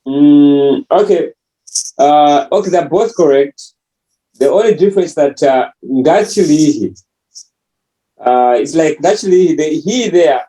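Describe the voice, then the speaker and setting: A man explaining a point in an online language class in a relaxed, casual way. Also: a little high, a little slow, no room sound. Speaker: co-teacher.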